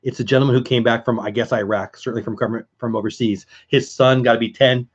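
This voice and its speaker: A man's voice: medium pitch, fairly even intonation, fast talker, slightly rough, muffled recording. A man hosting a casual live stream, chatting with viewers and answering chat as he goes.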